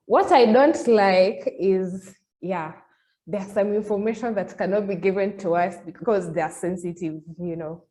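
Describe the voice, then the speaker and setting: A woman's voice: medium pitch, a little slow, mellow. A young woman speaking as a panelist, playful and giggly. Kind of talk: casual panel talk.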